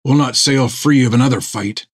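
A man voicing a gruff, stern one-legged old sailor who speaks in blunt rough seaman's dialect. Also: medium pitch, normal speed, close to an everyday voice.

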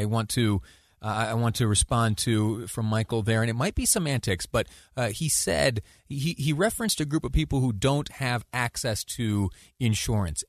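Guy hosting call-in radio, lots of restarts, medium pitch, dead dry sound. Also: no room sound. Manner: halting, many restarts, laughs easily. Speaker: radio talk show host.

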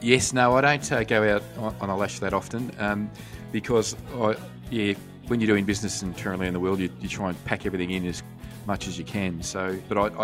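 A man co-hosting a podcast, chatting in a jokey, relaxed way. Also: on the low side. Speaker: podcast co-host. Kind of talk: casual chat.

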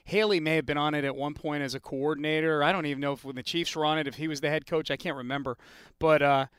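A man hosting a casual sports talk show, chatty and opinionated, asking quick follow-up questions. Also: on the high side, fairly even intonation, a bit bright, smooth, no room sound, clean studio sound.

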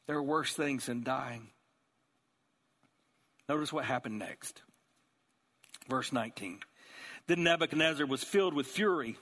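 A man preaching a sermon as pastor, telling the story with animated, acted-out voices. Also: medium pitch, long reverb tail. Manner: animated storytelling, acting out characters.

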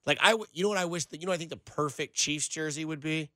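Talking quickly, a man hosting and producing sports talk radio rambles from one point to the next with plenty of filler words. His voice is bright and forceful, sitting a little high for a man. The recording from his studio microphone is close and dry.

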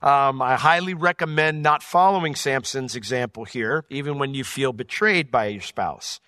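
Bright-voiced man teaching Bible verses. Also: mid-range voice, normal speed, no echo, clean studio sound. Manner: reads verses aloud, then explains them plainly; corrects himself mid-reading.

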